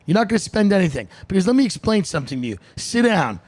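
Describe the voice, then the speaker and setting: A man playing a slick, fast-talking mortgage broker in an improvised comedy bit, pitching with leading questions. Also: sing-song, darkish tone. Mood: salesy. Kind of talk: improvised comedy role-play.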